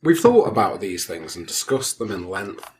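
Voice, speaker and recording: A man's voice: deep voice, sing-song, moderate pace, darkish tone, a little hiss or hum. A man co-hosting a casual comedy podcast, chiming in with wry quips and banter. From England. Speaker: podcast co-host.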